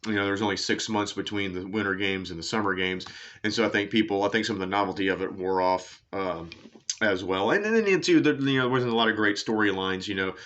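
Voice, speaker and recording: This sports show host talks quickly in a low, bright and forceful voice, rambling casually through tangents. Fillers and casual curses fill his commentary, and the audio sounds dull and lo-fi.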